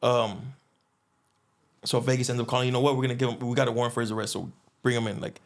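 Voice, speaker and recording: A young man telling a long story in casual chat, rambling and filling gaps with "boom" and "you know what I'm saying". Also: little pitch movement, quick pace, gravelly. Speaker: guest.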